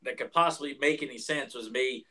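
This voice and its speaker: Quick-talking southern guy co-hosting a podcast, rambles fast, kinda crude. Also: mid-range voice, steady tone, bright, forceful tone. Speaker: podcast co-host. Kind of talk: casual chat.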